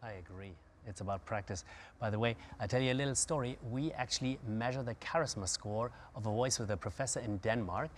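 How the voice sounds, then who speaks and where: A man's voice: mid-range voice, fairly quick, slight background noise. A man co-hosting an interview who chats agreeably, asks questions and gives short answers. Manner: conversational, agreeable, brief answers. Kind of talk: interview chat.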